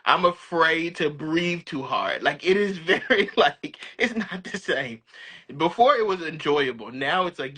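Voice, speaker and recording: Man, podcast co-host. Bright tone, earnest, quick to laugh. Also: a little high, lively intonation, breathy edge. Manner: earnest, laughs easily, lays out scenarios. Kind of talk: casual chat.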